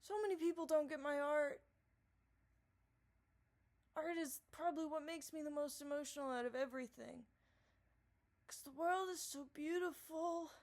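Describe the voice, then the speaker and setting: A woman rambling in a casual vlog monologue, profane and scattered, dropping to mumbles and then rising into loud excited bursts. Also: high-pitched, normal speed, long pauses. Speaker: vlogger. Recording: distorted audio.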